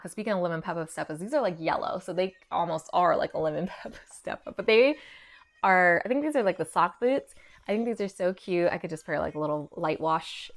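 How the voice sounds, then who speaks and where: A woman's voice: lowish voice, vocal fry. A young woman chatting casually through a thrift haul, full of "like" fillers and a little out of breath. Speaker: fashion vlogger.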